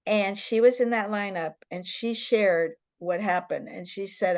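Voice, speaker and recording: A woman's voice: mid-range voice, measured pace, hardly any pauses, a little mellow, dry recording. Earnest older woman host, dry sound. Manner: earnest, emphatic storyteller. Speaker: interview host. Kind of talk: storytelling in an interview.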